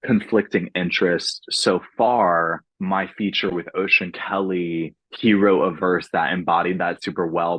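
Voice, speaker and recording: Deep-voiced young man chatting animatedly. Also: slightly rough, dry recording, low-quality recording. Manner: animated, laughs often, thoughtful when explaining his songs. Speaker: guest, singer. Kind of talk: casual podcast interview.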